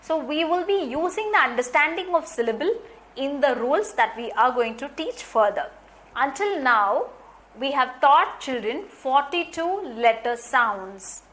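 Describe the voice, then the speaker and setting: A woman training teachers in phonics, explaining points slowly and deliberately and repeating key ideas. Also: sits high, lively intonation, a bit bright. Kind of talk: instructional lecture.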